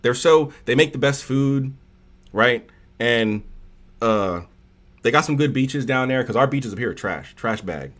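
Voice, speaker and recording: A man's voice: mid-range voice, lively intonation, unhurried, a bit bright. A man hosting a casual livestream chat who rambles off on tangents with lots of fillers and answers chat comments aloud. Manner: rambling, digressive, heavy on fillers. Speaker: livestream host.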